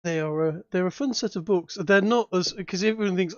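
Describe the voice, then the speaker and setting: A man's voice: high-pitched, a little fast, hardly any pauses, no echo, lo-fi sound. A man running a tabletop game as dungeon master, chatting in a rambling, hesitant way with many restarts. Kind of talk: casual tabletop game chat.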